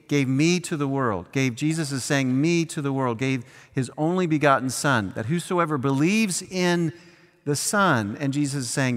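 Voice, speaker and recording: A man's voice: medium pitch, normal speed. A man preaching a sermon in a conversational way, sometimes acting out little scenes, recorded in a church. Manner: conversational preaching with acted asides. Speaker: pastor. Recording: long hall reverb.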